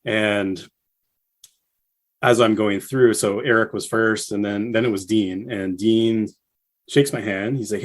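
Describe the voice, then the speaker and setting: A man guest on a casual podcast, telling a story with animated bursts when he quotes people. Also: measured pace. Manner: animated storyteller, acts out quotes with rising pitch.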